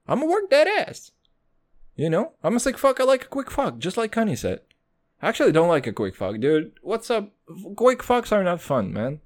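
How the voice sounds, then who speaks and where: A man's voice: big pitch swings, brisk. Crude, rambling young man podcasting. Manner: crude, rambling and joking, swears constantly, jumps in pitch for effect. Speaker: podcast host. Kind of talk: casual solo podcast rant.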